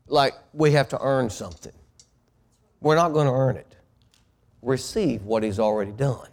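Man preaching a sermon, fairly high voice. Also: animated, moderate pace. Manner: preachy, calls on the congregation to repeat after him; rises to loud, high emphatic preaching. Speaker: pastor.

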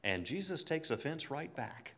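A man's voice: fairly high pitch, very animated, moderate pace, a bit bright. A man preaching a conversational sermon, chuckling often and telling stories between scripture readings.

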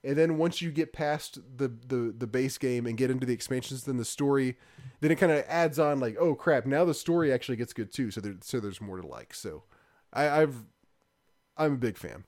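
A man's voice: medium pitch, animated, moderate pace, darkish tone. A man co-hosting a casual podcast, talking in an easygoing, rambling way. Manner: rambling, easygoing, self-correcting. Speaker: podcast co-host. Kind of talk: casual podcast chat about games.

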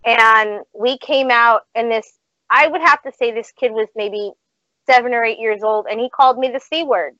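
A woman's voice: fairly high pitch, normal speed, pushed and bright, no echo. A woman, a former wrestling manager, telling brash stories as a podcast guest and swearing freely while she acts out what people said. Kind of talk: casual storytelling on a podcast. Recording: dry, slightly dull video call audio.

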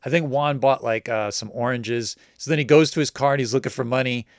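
A man casually telling a personal story in a lively way, mimicking the people he quotes. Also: medium pitch, a little fast, no echo, studio quality. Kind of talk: casual anecdote.

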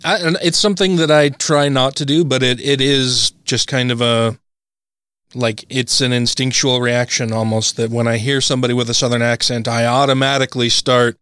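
A man's voice: medium pitch, fairly even intonation, normal speed, fairly bright tone, smooth, no room sound, studio quality. A man co-hosting a podcast, chatting casually and candidly, swearing freely and laughing often. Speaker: podcast co-host.

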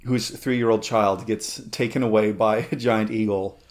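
A man's voice: on the low side, steady tone. A man co-hosting a podcast in casual chat, rambling with lots of fillers and restarts. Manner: rambling, halting, many fillers and restarts, laughs often. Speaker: podcast co-host.

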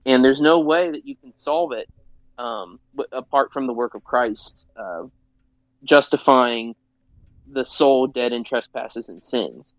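A man of middle pitch speaks earnestly on a podcast, pressing his points and restarting sentences. His mic sounds dry and a little dull and muffled. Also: no echo. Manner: earnest, emphatic, halting restarts. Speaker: podcast co-host. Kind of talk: casual religious discussion.

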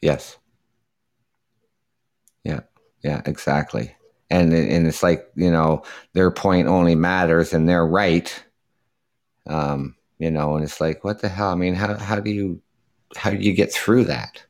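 A man's voice: low-pitched, steady tone, measured pace, long pauses, a little mellow. A man who hosts his own show, chatting casually and agreeing easily, with lots of "you know" fillers. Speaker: radio show host. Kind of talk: casual chat.

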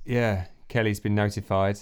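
A man's voice: on the low side, little pitch movement, normal speed, smooth. A man narrating as game master, rambling with fillers and asides.

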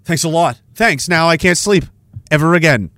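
A man's voice: a little high, moderate pace, fairly bright tone, no echo. A man hosting a casual live-stream podcast, rambling and joking as he reads viewer messages, laughing often.

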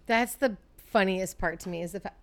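A woman's voice: medium pitch, fairly quick, no echo. A woman co-hosting a casual true-crime podcast at home, reacting bluntly with jokes and swearing. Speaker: podcast co-host.

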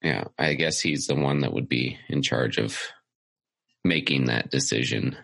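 A man's voice: rumbling low, measured pace, gravelly, a bit bright, no room sound. A man co-hosting a podcast, talking in a laid-back, dry way, as if he has just woken up. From California. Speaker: podcast co-host. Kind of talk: casual podcast chat.

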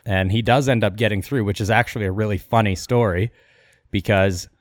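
Male podcast co-host, lowish voice, dry close mic, chatty retelling with quoted asides. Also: a little fast, no room sound. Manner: animated retelling, quoting characters in passing. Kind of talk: casual storytelling chat.

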